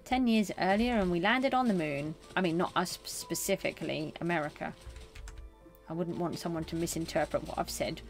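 A middle-aged woman streaming a game, chatting casually with viewers and answering them in a gentle, consoling way. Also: on the low side, moderate pace, faint music behind. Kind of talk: casual live-stream chat.

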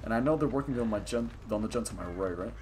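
A young man giving excited, profane live commentary while playing a video game and talking at his opponents. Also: fairly low pitch, quick pace, a little hiss or hum. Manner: hyped, profane, talks to opponents on screen. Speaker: gaming streamer. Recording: game music behind the voice.

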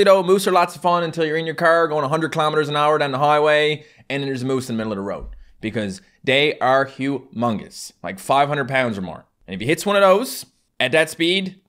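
A man's voice: mid-range voice, lively intonation, brisk, fairly bright tone. A man in his twenties with a Newfoundland accent, chatting casually through fan questions on his channel, rambling and joking with local turns of phrase. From Newfoundland, Canada. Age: 20s. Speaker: YouTuber answering fan questions. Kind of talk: casual Q&A chat.

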